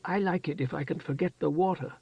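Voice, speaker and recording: A man voicing a shy young woman who speaks softly, just above a whisper, in an audiobook. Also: fairly high pitch, quick pace, vocal fry, husky, dry recording, highs cut off, pitched above the performer's own voice. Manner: soft, near-whispering, gentle. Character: shy soft-spoken young woman, Tehanu.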